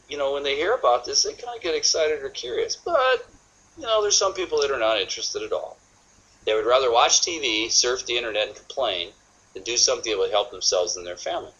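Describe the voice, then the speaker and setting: Animated man teaching sales technique. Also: medium pitch, muffled recording. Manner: energetic, acts out customers' thoughts in quotes. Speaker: sales trainer. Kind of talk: sales training talk.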